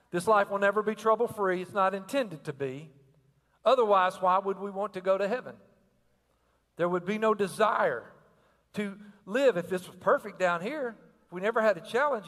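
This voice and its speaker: A man's voice: sits high, a bit bright, big-room sound. An older man preaching a sermon with energy and rhythm, asking the crowd questions and repeating phrases. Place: church sanctuary.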